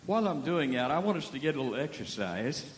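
A man's voice: mid-range voice, sing-song, quick pace. A man preaching as a guest speaker, folksy and joking, leading the crowd from a stage. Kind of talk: sermon. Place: church hall with a stage. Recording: echoey hall.

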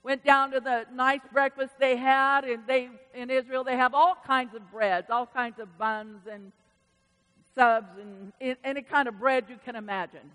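A woman pastor preaching a sermon in a church, animated and calling out to the congregation. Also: high voice, a little slow, big-room sound. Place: church sanctuary.

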